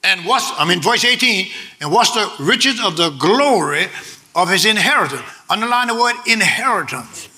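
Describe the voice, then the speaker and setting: A male pastor preaching a sermon, emphatic and repetitive, swinging from shouted lines to low, quick asides. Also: animated.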